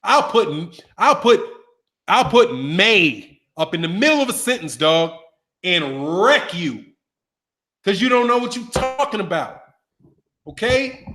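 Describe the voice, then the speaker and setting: A man commentating on boxing in a casual, animated rant, repeating himself and trash-talking. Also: high-pitched, slow pace.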